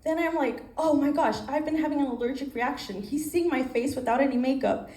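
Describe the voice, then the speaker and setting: A woman's voice: sits high, a little fast, warm tone. A young woman doing a chatty, self-mocking stand-up set, acting out her own inner voices. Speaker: stand-up comedian. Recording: echoey room with faint ambient noise.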